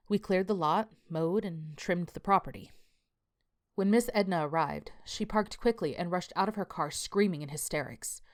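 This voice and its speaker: A man's voice: a little high, lightly acted. A woman voicing a tired male landscaper, telling his story in a plainspoken, confessional way. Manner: confessional, plainspoken first-person account. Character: weary male landscaper writing a journal.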